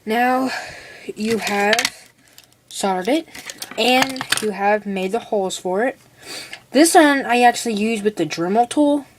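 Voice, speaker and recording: A woman's voice: on the high side, a little slow, long pauses. Young woman, teens, chatty rambling hobbyist demo voice, noisy home recording. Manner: rambling, chatty, full of "like" and "okay". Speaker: hobbyist showing a build. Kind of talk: casual how-to demonstration.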